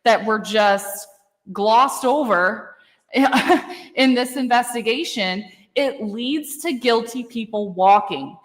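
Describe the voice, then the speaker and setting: A woman's voice: fairly high pitch, takes it slowly, long reverb tail. A woman hosting a casual true-crime chat, effusive and blunt, swearing casually. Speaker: podcast host.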